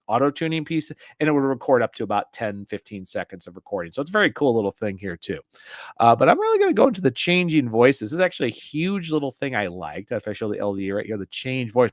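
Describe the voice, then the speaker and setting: A man's voice: mid-range voice, no room sound, studio quality. Rambling man reviewing audio gear. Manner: rambling, chatty with restarts. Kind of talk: casual product review. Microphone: desk mic through a mixer.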